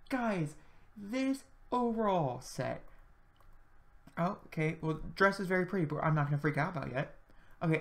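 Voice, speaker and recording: A young man giving casual, gushing commentary on video game clothes, often jumping up in pitch when excited. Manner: gushing and excitable, with sudden upward pitch jumps. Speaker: video creator.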